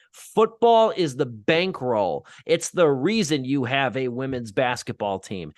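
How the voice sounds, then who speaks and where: Male podcast host, mid pitch, dry close mic, rambling and self-deprecating. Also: no room sound. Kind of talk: casual podcast chat.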